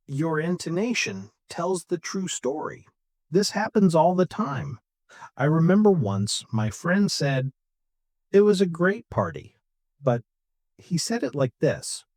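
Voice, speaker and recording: A man co-hosting a podcast for English learners, explaining intonation slowly and clearly and acting out examples. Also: fairly high pitch, animated, no echo, clean studio sound. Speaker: English teacher, podcast co-host. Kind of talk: scripted English lesson.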